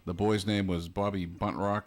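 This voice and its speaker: Low-voiced relaxed man hosting radio. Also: normal speed. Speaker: radio host. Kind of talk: call-in radio chat.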